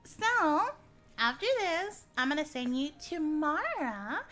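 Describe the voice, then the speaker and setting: A woman's voice: sits high, sing-song, slow, noisy background. A young woman streamer signing off her debut stream, chatting in a giggly, affectionate way. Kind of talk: casual stream sign-off chat.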